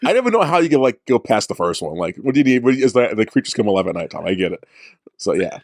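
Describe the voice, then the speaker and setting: A man's voice: lowish voice, very animated, fast talker, a little mellow, no room sound, studio quality. A man co-hosting a podcast in casual chat, playful and teasing as he reads out movie rankings. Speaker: podcast co-host.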